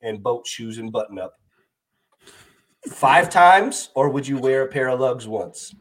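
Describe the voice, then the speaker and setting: A man's voice: medium pitch, unhurried. A man co-hosting a comedy podcast, teasing his friend in a mock-preachy way. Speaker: podcast co-host. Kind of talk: casual comedic banter.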